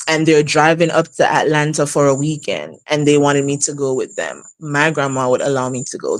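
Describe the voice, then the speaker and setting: A woman in her thirties telling a personal story casually on a live stream, laughing often and jumping high in pitch for emphasis. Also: no room sound. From outside the U.S. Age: 30s. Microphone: live stream setup.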